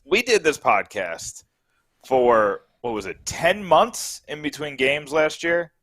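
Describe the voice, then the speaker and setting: A man's voice: a little high, very animated, slow pace, fairly bright tone, no echo. A man co-hosting a sports podcast in casual, rambling, upbeat chat. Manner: rambling, upbeat, restarts often. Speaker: podcast co-host.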